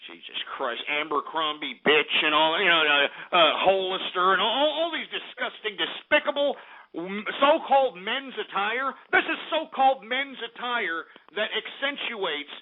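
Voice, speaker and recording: A man's voice: high voice, expressive, moderate pace. A man hosting a comedic show, ranting in an angry, profane, blustering monologue over tinny phone-like audio.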